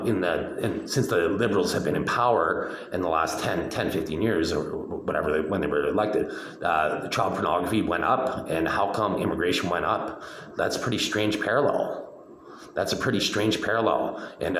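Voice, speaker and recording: A man's voice: deep voice, a little hiss or hum. A man talking alone to the camera in a rambling monologue, firing repeated rhetorical questions and tagging his points with "right?". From Canada. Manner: repetitive, insistent rhetorical questions, trailing "right?". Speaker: video blogger. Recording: echoey room.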